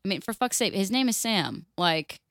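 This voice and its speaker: A woman's voice: medium pitch, animated, normal speed, fairly bright tone, dry recording, studio quality. Blunt, sweary woman reading a story. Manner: blunt, sweary, laughs often. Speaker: podcast co-host. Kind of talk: casual chat, reading a story aloud.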